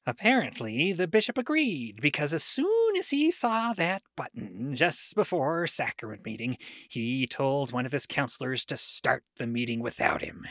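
A storyteller performs a monologue with a wry, gossipy edge, and the pitch jumps and dips freely. Quoted lines get their own tone. The sound is close and dry, with no room around it. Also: moderate pace, no echo. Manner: expressive, shifts tone for quoted speech. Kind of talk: dramatic monologue reading.

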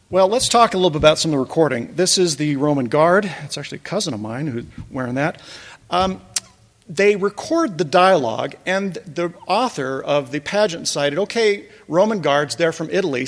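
Gravelly man telling wry stories. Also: fairly high pitch, long reverb tail. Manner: wry, chuckling asides. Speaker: presenter recounting a church pageant. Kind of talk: casual talk over slides.

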